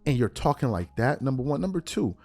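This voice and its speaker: A man's voice: mid-range voice, very animated, a little fast, a little mellow, dry recording, faint music behind. A man in his thirties hosting a podcast, giving opinionated sports commentary with incredulous rhetorical questions and street slang. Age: 30s. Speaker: podcast host.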